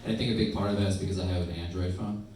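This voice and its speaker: A young man from upstate New York doing a stand-up set with crowd work, trading quick asides and acting out other voices, on a comedy club stage. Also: low voice, fairly even intonation, distant mic. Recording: echoey club heard from afar, noisy.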